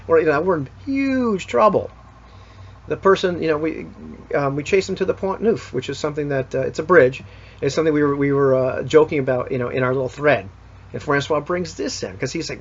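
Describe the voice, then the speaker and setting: In a casual recap of a tabletop game session, a man rambles and backtracks, full of fillers and restarts. His voice is husky, slightly breathy, fairly high-pitched, and fairly quick, captured on a dull lo-fi recording.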